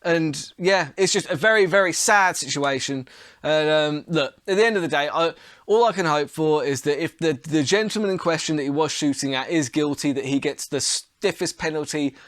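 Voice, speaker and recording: Hoarse, blunt male podcast host. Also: fairly high pitch, normal speed, fairly bright tone, dry recording, clean studio sound. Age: adult. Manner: chatty, blunt, swears mildly. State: hoarse and coughing from illness. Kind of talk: casual solo podcast talk.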